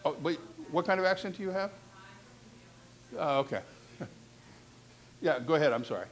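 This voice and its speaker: A man's voice: a little high, lively intonation, normal speed. A man coaching a class on reporting, speaking candidly and conversationally in a classroom session. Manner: candid, conversational, frank asides. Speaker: talent coach. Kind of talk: instructive classroom talk.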